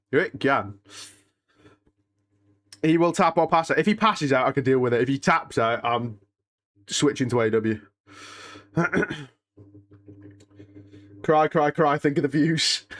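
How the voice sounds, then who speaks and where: A young man hosting a live watch-along, chatting casually to his viewers, restless and emotional, often sighing and muttering to himself. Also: mid-range voice. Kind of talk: casual live-stream chat, reading and answering chat.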